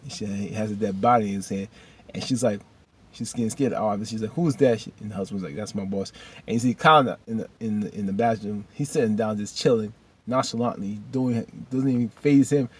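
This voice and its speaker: A man casually recapping a TV episode, rambling and animated with loose slang. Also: lowish voice, fairly quick, breathy edge. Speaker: video host recapping a TV episode.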